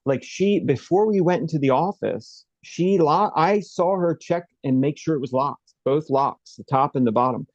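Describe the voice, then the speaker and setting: A man interview guest recounting a personal story in a halting, rambling way, with many fillers and restarts. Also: fairly high pitch, no echo, dull audio.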